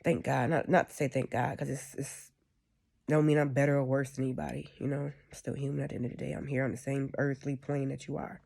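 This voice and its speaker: A woman's voice: very deep voice, flat delivery, quick pace, vocal fry, darkish tone, breathy edge. A woman giving a casual, rambling spiritual monologue, often checking in with "you know what I'm saying.". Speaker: spiritual speaker.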